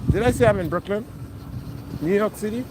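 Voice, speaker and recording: A man's voice: high-pitched, brisk, low-quality recording. A man streaming live as he walks a seaside boardwalk, giving hyped commentary and repeating short phrases over and over, often chanting the same word. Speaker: street livestreamer. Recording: loud wind noise on an outdoor phone mic.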